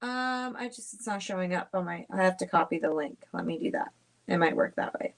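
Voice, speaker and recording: A woman co-hosting a casual livestream as a psychic reader, making quiet, offhand asides. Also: on the low side, a little fast, vocal fry.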